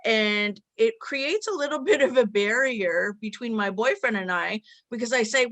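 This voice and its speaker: A woman's voice: fairly high pitch, animated, moderate pace, few pauses, a bit bright, no room sound. A woman hosting a casual conversation, earnestly explaining at length with quoted examples. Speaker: host.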